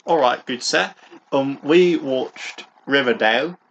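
A young man co-hosts a loose, comedic podcast, with a gravelly, fry-heavy voice at an ordinary pitch. He rambles and cracks self-deprecating jokes, and a faint hiss sits under his voice. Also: slow pace, fairly bright tone, lo-fi sound. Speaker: podcast co-host. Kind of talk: casual comedic podcast chat.

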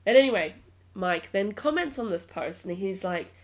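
A woman hosts a true crime podcast in a loose, chatty way. She is blunt and exasperated, swears freely and laughs often. Her voice sits at a middle pitch for a woman. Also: lively intonation, normal speed. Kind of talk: casual storytelling podcast narration.

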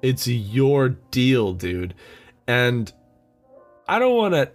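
A young man hosts a solo podcast in an unhurried drawl, wandering off on sarcastic, profane tangents. Faint music sits quietly under his voice. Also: medium pitch, huge pitch swings. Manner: swears a lot, rambling and sarcastic. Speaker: podcast host. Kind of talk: solo comedic rant.

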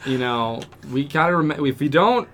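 Lively, rambling podcast guy. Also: a little high, moderate pace, heavy background noise. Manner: lively, laughs often, rambling. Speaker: podcast co-host. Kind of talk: casual chat.

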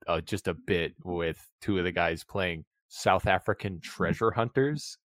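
A man co-hosting a podcast, chatting loosely about a movie in a relaxed way, swearing casually. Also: deep voice, a little slow, dry recording, studio quality. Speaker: podcast co-host.

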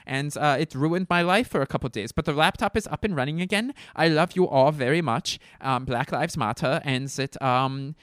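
A man's voice: fairly high pitch, moderate pace, few pauses, fairly bright tone, no room sound. Solo comedy podcast host, a man in his thirties, profane, rambling, sarcastic, in a dry booth. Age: 30s.

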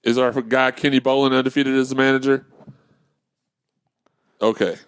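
A man's voice: medium pitch, little pitch movement, normal speed, clear, resonant tone, no echo. A man co-hosting a casual podcast chat, teasing his co-hosts in dry banter. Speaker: podcast co-host.

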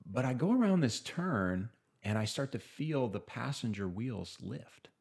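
A man telling a personal story as a guest on a podcast, animated and acting out what people said. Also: mid-range voice, a little slow, creaky. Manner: animated, acts out quotes, trails off and restarts. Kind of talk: casual storytelling in a podcast interview.

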